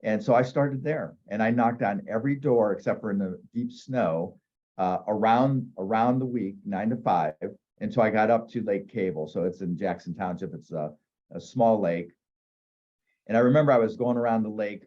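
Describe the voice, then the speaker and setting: A man's voice: lowish voice, normal speed, a little mellow, lo-fi sound. A man in his fifties from northeast Ohio, a real estate agent telling candid, self-deprecating stories in a casual interview.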